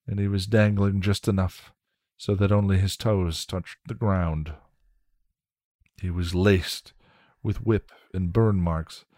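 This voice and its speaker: Male story reader, deep voice, measured delivery, dry recording. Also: dry recording. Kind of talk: reading a story aloud.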